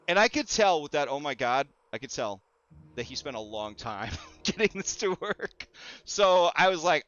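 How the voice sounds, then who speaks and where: A man's voice: a little high, lively intonation, normal speed, pushed and bright. A young man streaming casually, telling a story with lots of laughter and swearing. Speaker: VTuber streamer. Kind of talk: casual live-stream chat. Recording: slightly dull stream audio with music.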